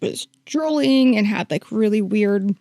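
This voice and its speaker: A woman's voice: medium pitch, measured pace, vocal fry, warm tone, no room sound, studio quality. A woman working as a hospice nurse, telling a long story in a podcast interview, with many fillers and quoted lines acted out.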